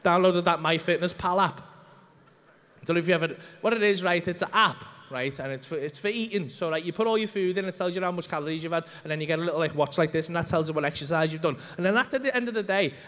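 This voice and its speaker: Brief: sweary stand-up, high voice, club reverb. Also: male voice, fast. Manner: profane, animated storytelling. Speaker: stand-up comedian. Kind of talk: stand-up routine. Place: comedy club stage. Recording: long reverb of a comedy club.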